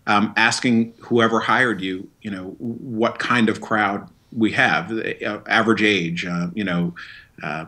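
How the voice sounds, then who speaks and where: Easygoing low-voiced man, Vermont guest. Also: steady tone, a little slow, sharp tone. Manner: easygoing, hesitant with fillers. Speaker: guest, wedding DJ. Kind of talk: casual interview chat.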